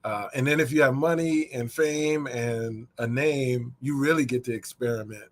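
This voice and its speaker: A man's voice: medium pitch, steady tone, moderate pace. A man who teaches social work, speaking as a guest and thinking his answers through. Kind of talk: interview conversation.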